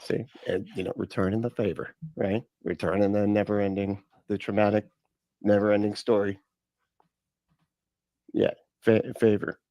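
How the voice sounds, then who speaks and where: A man's voice: lowish voice, little pitch movement, normal speed, pauses often, mellow, no room sound. A man hosting a reaction video, riffing casually with frequent swearing and laughter. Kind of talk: casual comedic commentary.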